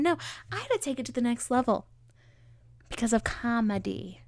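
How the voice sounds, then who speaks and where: On her solo podcast, a woman rambles and jokes at her own expense, filling the chat with lots of fillers. Her voice sits a little high and is expressive and slightly mellow. She talks briskly but leaves long pauses, and there's no room sound.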